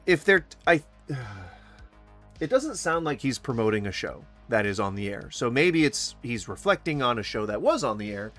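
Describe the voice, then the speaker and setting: A man's voice: mid-range voice, fairly bright tone. A man commentating on video clips with mocking sarcasm, swearing and mimicking the people he reacts to. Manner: mocking, mimics others in taunting voices, swears.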